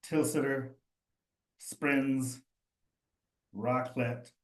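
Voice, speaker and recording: A man's voice: medium pitch, fairly even intonation, drawn-out words. A man leading a live study session, thinking aloud and talking straight to his students in a chatty, encouraging way. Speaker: cheese instructor. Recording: roomy echo.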